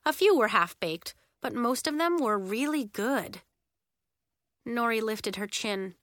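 A woman narrating a children's chapter book in a clear, even storytelling manner. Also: fairly high pitch, a little slow, no echo, clean studio sound. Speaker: audiobook narrator.

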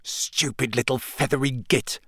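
A man's voice: fairly high pitch, huge pitch swings, measured pace. A man reading aloud voices a blunt, easily irritated teenage boy who snaps. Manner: snappish, blunt. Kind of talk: audiobook character voice.

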